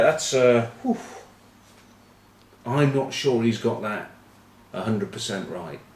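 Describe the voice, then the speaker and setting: A man hosting an informal comedic rugby news vlog, rambling and deadpan, with irreverent asides and many fillers. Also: mid-range voice. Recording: roomy, from a distance.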